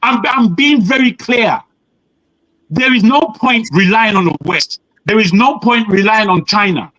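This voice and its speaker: A man's voice: high voice, unhurried, sharp tone, rough recording. A man from Nigeria, hectoring a panel with heated rhetorical questions. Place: living in the West.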